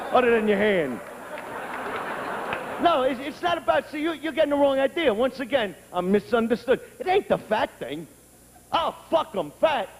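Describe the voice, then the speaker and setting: A man doing a stand-up comedy set, brash and profane, often breaking into shouts. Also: extremely high pitch. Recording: long reverb, faint background noise.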